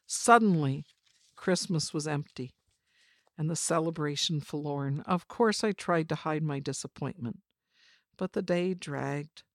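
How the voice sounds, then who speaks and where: A woman narrating a first-person memoir story in a measured, reflective way. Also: low-pitched, no room sound, clean studio sound. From China.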